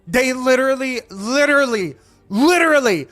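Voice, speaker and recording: A man streaming live, talking in a rambling, excitable, profane rant to his chat. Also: high voice, moderate pace, no room sound, faint music behind. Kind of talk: casual chat while live streaming a game.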